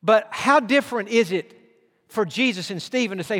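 A man preaching a sermon, swinging from loud declarations to hushed tones. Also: high-pitched, moderate pace. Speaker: pastor. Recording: long hall reverb.

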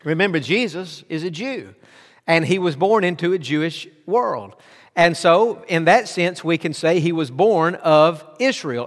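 A man preaching a sermon as pastor, emphatic and steady, telling his listeners to underline words as he reads aloud. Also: fairly high pitch, in a large hall.

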